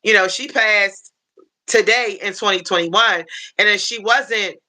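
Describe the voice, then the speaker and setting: At a measured pace, a woman with a mid-range, pushed and bright voice chats on her casual livestream. She rambles and restarts often, sounding sincere and emotionally open.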